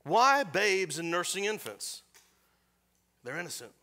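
Middle aged pastor preaching, lively w jokes thrown in, kinda high sharp voice. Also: male voice, unhurried. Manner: animated preaching with joking asides. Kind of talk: sermon. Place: church service.

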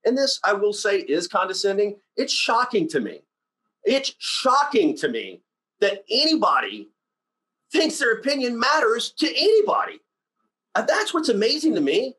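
A man giving a casual motivational sales-training talk in a blunt, rambling, animated storytelling way. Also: very high-pitched, normal speed, rough recording.

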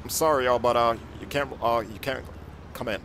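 A man voicing a polite, stiff male security guard who talks softly and hesitantly. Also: mid-range voice, steady tone, a little fast, slight background noise, voice pushed down, lightly acted. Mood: firm. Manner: formal, hesitant, soft-spoken.

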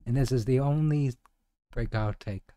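A man's voice: mid-range voice, normal speed, dark tone, no echo. A man giving casual gameplay commentary with hesitant, self-deprecating asides. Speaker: game streamer.

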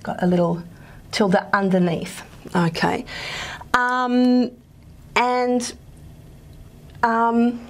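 A woman's voice: on the high side, fairly even intonation, extremely slow, long pauses. A woman, possibly, giving a linguistics lecture on a video call, talking hesitantly with many fillers and restarts. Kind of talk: recorded lecture.

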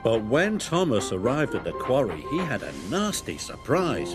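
A man narrating a children's cartoon story in an expressive storytelling manner. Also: medium pitch, moderate pace, few pauses. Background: music.

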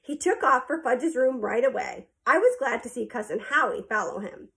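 A woman's voice: fairly high pitch, expressive, normal speed, vocal fry, a bit bright. Woman reading a storybook aloud. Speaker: audiobook reader. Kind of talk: storybook narration.

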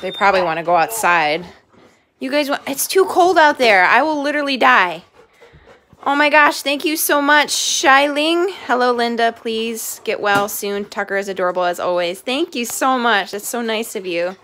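A woman's voice: fairly high pitch, expressive, moderate pace, fairly bright tone, slight background noise. A tired woman hosting a casual home livestream, chatting with viewers and breaking off to give firm commands to her dogs, recorded on a handheld phone. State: tired and a little dizzy. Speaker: pet channel host doing a livestream. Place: messy room at home, indoors.

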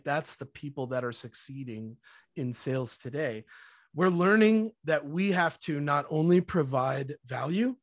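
A man speaking as a podcast guest, energetic and conversational, now and then acting out little scenes in mock voices. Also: medium pitch, no room sound, clean studio sound. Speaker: podcast guest, sales evangelist. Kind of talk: conversational interview.

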